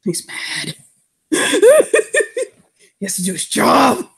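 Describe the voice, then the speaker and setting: A woman's voice: a little high, huge pitch swings, very slow, creaky, slightly rough. A woman narrating a text role-play aloud, laughing often and swearing in a dramatic way. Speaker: player.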